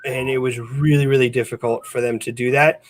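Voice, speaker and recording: A man's voice: medium pitch, level tone, a little fast. Brief: male teacher, earnest, talks on and on with restarts, casual podcast chat from home. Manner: earnest, explains at length with restarts. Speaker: special education teacher, podcast regular.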